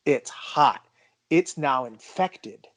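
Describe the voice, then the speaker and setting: A man's voice: mid-range voice, animated, drawn-out words, fairly bright tone. A man co-hosting a podcast, telling a personal story in an emphatic, casual way and stressing that it is true. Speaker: podcast co-host.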